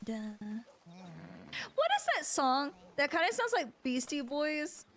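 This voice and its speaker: High, lively woman chatting casually. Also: unhurried, a little hiss or hum. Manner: bubbly, swears freely, laughs easily. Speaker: deputy roleplayer. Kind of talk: casual roleplay chat.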